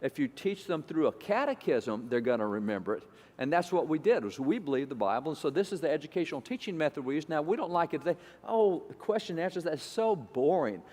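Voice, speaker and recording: A man's voice: on the high side, expressive, quick pace, darkish tone, in a large hall. A man giving an emphatic, repetitive lecture to an audience. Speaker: speaker.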